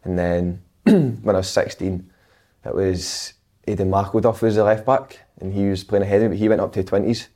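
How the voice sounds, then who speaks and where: A man's voice: fairly low pitch, fairly even intonation, moderate pace, mellow. A young Scottish man in his twenties, a footballer guest telling stories in casual, laughing chat. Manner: chatty storytelling, laughs often.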